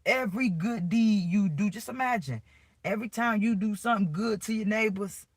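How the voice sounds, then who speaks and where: A man's voice: sits high, moderate pace, dry recording. A man ranting in a preachy, profane way on a live video, recorded on his phone outdoors on a street. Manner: preachy, profane, agitated rant. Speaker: vlogger.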